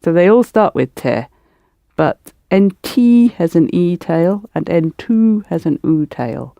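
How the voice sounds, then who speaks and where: A woman's voice: fairly low pitch, lively intonation, takes it slowly, vocal fry, no room sound, lo-fi sound. Woman language tutor, patient step-by-step explainer, dry studio sound. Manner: explains step by step, coaxing learners to repeat. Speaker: language teacher. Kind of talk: patient spoken-method language lesson.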